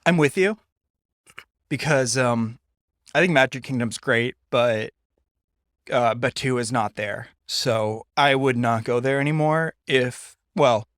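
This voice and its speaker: A man's voice: medium pitch, slow pace, fairly bright tone, no echo, studio quality. Playful man co-hosting a podcast. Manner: playful, teasing, with hesitant restarts. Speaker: podcast co-host. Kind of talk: casual chat.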